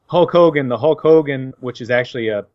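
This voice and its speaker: A man's voice: mid-range voice, a little fast, dry recording. Give me a sarcastic man ranting with many fillers, on dull, dry audio. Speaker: podcast co-host. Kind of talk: casual opinionated banter.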